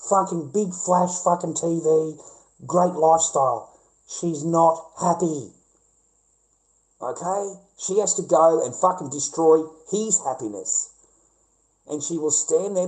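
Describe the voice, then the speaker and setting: A man's voice: a little high, slow pace, darkish tone, low-quality recording. An older Australian man ranting on a phone livestream, swearing and repeating himself for emphasis. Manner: repetitive, profane and emphatic. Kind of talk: livestream rant.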